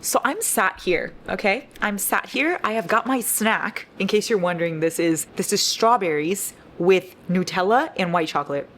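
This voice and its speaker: A woman's voice: medium pitch, animated, normal speed, few pauses, background noise. A young woman vlogging about a book she is reading, gushing and dramatic, swearing freely as she talks. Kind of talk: casual reading vlog.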